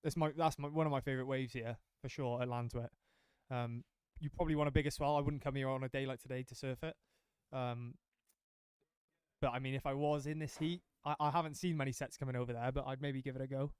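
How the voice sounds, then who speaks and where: A man commentating a surf contest in a casual, jokey way, chatty and quick to laugh. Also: medium pitch, fairly even intonation, darkish tone, smooth, no room sound.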